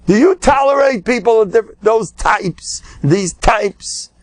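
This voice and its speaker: An older man, a rabbi, giving a Torah lecture as an animated storyteller, sprinkling in Yiddish words and shouting his punchlines. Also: sits high, measured pace, no room sound. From United States.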